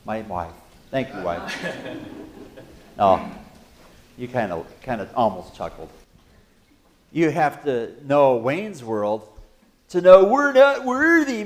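Slow-talking, animated male pastor. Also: medium pitch. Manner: animated, jokey preaching with sudden loud bursts. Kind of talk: sermon. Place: church.

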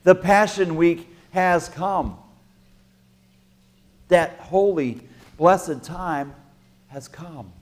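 Slow, emphatic male preacher. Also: on the high side. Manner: emphatic preaching with halting restarts, swinging from soft to loud. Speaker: pastor. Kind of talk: sermon.

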